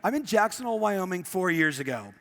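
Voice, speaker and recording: A man's voice: sits high, fairly quick, gravelly. A middle-aged man coaching a live audience on stage, telling stories animatedly and acting out quoted voices. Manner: animated storyteller, acts out quotes. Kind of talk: motivational seminar talk. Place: event room with live audience.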